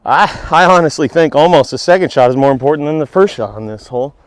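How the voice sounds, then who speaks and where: Playing a round of golf outdoors, a man vlogs casual commentary to the camera between shots, self-deprecating and sometimes out of breath. His voice is fairly high and fast, with no echo.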